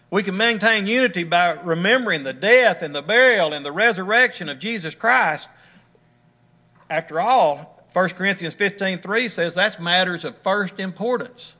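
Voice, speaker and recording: Bright high-voiced man preaching a sermon. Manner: earnest, rhetorical questions, drops pitch to close phrases.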